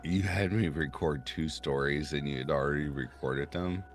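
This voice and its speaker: A man hosting a casual podcast chat, with a deep voice full of rumbling subharmonics. He laughs often and tells stories in an animated way. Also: moderate pace. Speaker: podcast host and horror narrator.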